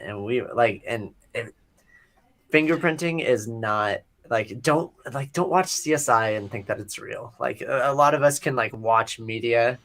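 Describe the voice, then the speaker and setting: A relaxed man co-hosting a chat podcast, talking slowly and easily. His pitch sits in the ordinary middle range. He mostly backs his co-host up with quick agreement, then drifts into loose, rambling points. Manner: laid-back, short agreeing replies, rambling asides. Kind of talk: casual chat.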